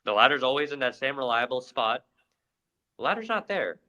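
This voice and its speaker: A young adult man, a podcast co-host, retelling events in a casual, animated storytelling way. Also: mid-range voice, brisk, rough recording. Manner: animated retelling with acted-out quotes.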